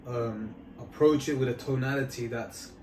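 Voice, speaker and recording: A man's voice: mid-range voice, moderate pace, a little mellow, reverberant, slight background noise. A man co-hosting a casual podcast, asking questions and summing up what his partner says. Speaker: podcast co-host. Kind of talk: casual chat.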